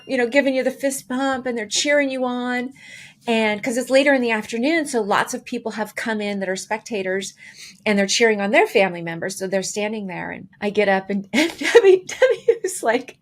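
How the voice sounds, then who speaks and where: A woman co-hosting a podcast, casually telling a story with lively, acted-out quotes. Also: on the high side, brisk. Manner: animated, acts out quoted dialogue with voices. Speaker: podcast co-host.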